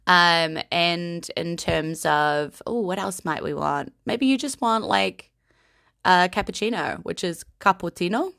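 A woman giving a casual vocabulary lesson in a playful, giggly, unhurried way. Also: fairly low pitch, vocal fry, fairly bright tone, no echo, clean studio sound. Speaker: language teacher.

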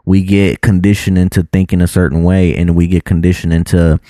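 A man's voice: low voice, level tone, fairly quick, warm tone, dry recording, clean studio sound. A man in casual podcast chat who teases his friend and fills his talk with "like". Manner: teasing, filler-heavy with frequent "like".

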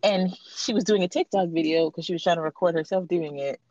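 A woman chatting on a podcast, telling stories in a lively way and laughing often. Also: fairly low pitch, fairly quick, no room sound, dull audio. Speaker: podcast co-host. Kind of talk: casual chat, storytelling.

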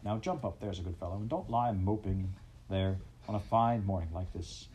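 A man's voice: deep voice, moderate pace, mellow, lightly acted, rough recording. A man voicing a practical, hearty male water rat who speaks cheerfully.

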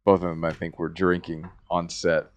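An American man co-hosting a podcast, chatting casually, animated and swearing often. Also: deep voice, moderate pace. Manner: swears a lot, animated and joking. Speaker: podcast co-host.

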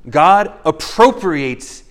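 A man preaching a sermon as pastor of a church, earnest and emphatic, slowing down to stress key phrases. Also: a little high, lively intonation, a bit bright.

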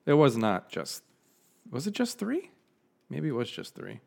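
A man's voice: mid-range voice, huge pitch swings, measured pace, creaky. A man co-hosting a podcast in casual chat, chatty and playful. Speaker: podcast co-host.

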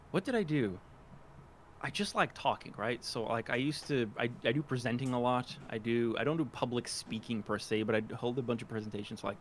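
A man in relaxed conversation, rambling and self-deprecating, often restarting his sentences. His voice sits at an ordinary pitch, with faint noise under the recording. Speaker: podcast guest, aspiring voice actor. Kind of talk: casual interview chat.

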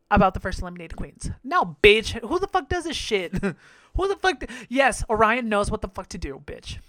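A man's voice: high voice, pushed and bright, dry recording. A man hosting a podcast, recapping a reality show in a brash, profane, gossipy way with frequent laughter. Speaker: podcast host.

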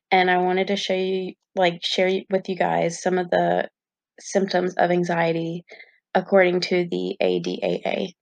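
Young woman vlogging, chatty and candid, gravelly fry, dry close mic. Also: on the low side, no room sound. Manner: chatty, candid, lots of fillers. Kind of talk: casual talk to camera.

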